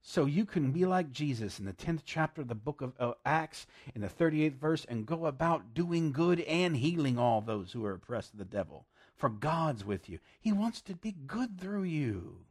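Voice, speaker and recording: A man preaching a sermon, emphatic and plain-spoken, with loud bursts, hushed asides and frequent laughs. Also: fairly high pitch, big pitch swings, moderate pace, few pauses, husky.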